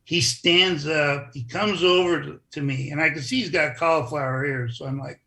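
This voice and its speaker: A man telling stories in a casual interview, animated and acting out other people's lines. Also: a little high, measured pace, vocal fry. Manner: animated storyteller who acts out quoted voices. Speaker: interview guest, former wrestler.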